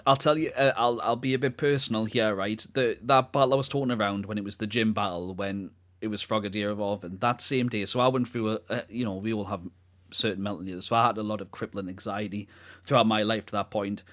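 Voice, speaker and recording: A man's voice: on the low side, fairly even intonation, quick pace, a bit bright. A young man, co-hosting a podcast, telling a personal story in a rambling, heartfelt way. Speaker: podcast co-host. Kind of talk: casual podcast chat.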